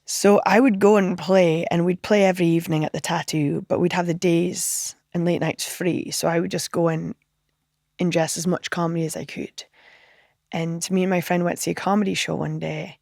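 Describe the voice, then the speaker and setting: A woman comedian telling animated anecdotes in a podcast interview, acting out other people's lines and laughing often. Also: lowish voice, normal speed, creaky, no echo, clean studio sound. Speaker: comedian guest.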